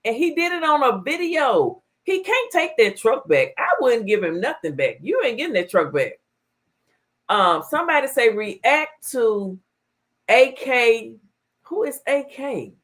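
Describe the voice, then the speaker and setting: Sassy lady host chatting on a live stream, high voice all over the place, says it straight. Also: a little slow. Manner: animated, blunt and sassy. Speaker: talk show host. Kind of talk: casual livestream chat.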